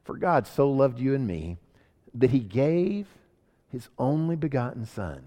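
A man's voice: mid-range voice, sing-song, unhurried, dark tone. A man preaching a sermon as pastor, asking rhetorical questions and building emphasis. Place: church sanctuary. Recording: long hall reverb.

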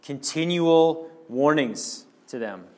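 A man's voice: fairly high pitch, lively intonation, slow, mellow. Earnest man preaching a sermon. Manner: earnest, explanatory, addresses the congregation directly.

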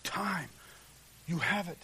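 Impassioned male preacher, fairly high voice. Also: lively intonation, takes it slowly, breathy edge. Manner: impassioned, swings from shouts to hushed whispers. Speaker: pastor. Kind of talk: sermon.

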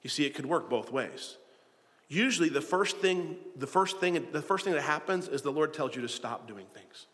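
A man's voice: a little high, animated, moderate pace, fairly bright tone. A man preaching a sermon as pastor, earnest and plain-spoken, often repeating his phrases and acting out quoted voices. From South Florida. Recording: hall reverb.

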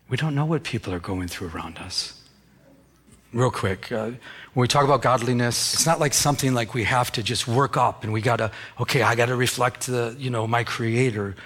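A man preaching a sermon, telling stories with lively acted-out bits and sound effects, and dropping to a softer, lower voice in quiet passages. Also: breathy edge. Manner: animated storytelling, acting out scenes with sound effects. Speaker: pastor.

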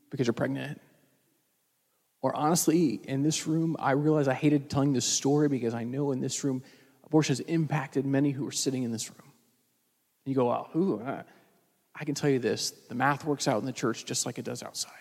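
A man's voice: mid-range voice, creaky, husky, long reverb tail. A man preaching a sermon as pastor in a church sanctuary, speaking earnestly and conversationally.

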